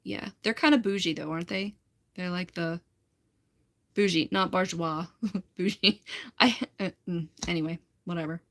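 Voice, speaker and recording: A woman's voice: on the low side, moderate pace. Chatty young woman livestreaming. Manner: chatty, rambling, laughs often, many "like"s. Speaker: livestream host. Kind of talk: casual livestream chat reading comments.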